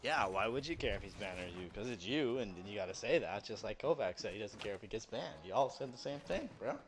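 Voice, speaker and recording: A man's voice: on the low side, fast talker, faint music behind. A young man streaming a game, ranting at chat in a profane, sarcastic, mocking way. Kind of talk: heated livestream rant. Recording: steady background noise.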